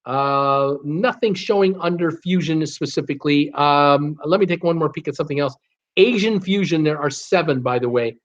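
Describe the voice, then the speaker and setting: A man's voice: fairly high pitch, highs cut off. Chatty man hosting a live stream. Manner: chatty, repeats words while searching, many fillers. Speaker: livestream host. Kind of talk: casual live-stream chat reading viewer requests.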